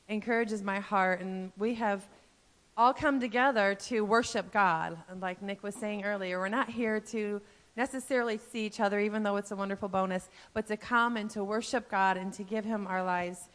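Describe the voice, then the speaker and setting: A woman in her fifties, a pastor's wife, giving a heartfelt, earnest church message with fillers and soft laughs. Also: medium pitch, fairly even intonation, normal speed. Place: church sanctuary.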